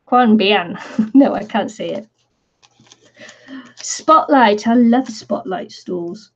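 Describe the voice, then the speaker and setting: A woman's voice: medium pitch, animated, slow pace, gravelly, lo-fi sound. A British woman chatting casually while crafting, rambling and laughing often at her own stories. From Britain. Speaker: craft vlogger.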